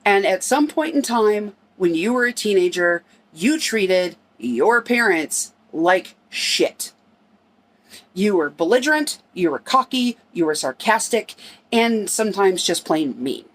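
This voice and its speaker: A middle-aged woman tells a personal family story in a relaxed, conversational way. Her voice sits at an ordinary middle pitch, and she acts out what each person said as she recounts it. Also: a little slow. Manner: conversational, acts out quoted dialogue in her telling.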